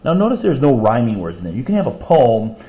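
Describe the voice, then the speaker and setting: A male teacher in a recorded lesson video, explaining vocabulary and reading short poems aloud slowly and rhythmically. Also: medium pitch, big pitch swings, dark tone, echoey room.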